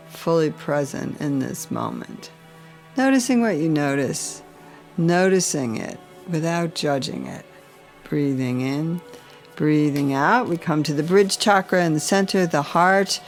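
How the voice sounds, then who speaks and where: A woman's voice: sits low, vocal fry. A woman leading a guided chakra meditation, giving soothing breathing cues and intoning mantras.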